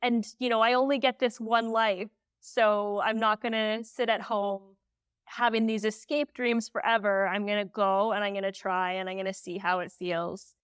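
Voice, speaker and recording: A woman guest on a podcast telling a story candidly, animated and full of "like" fillers. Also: medium pitch, normal speed, clear, resonant tone, no echo, clean studio sound. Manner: emotional when recalling.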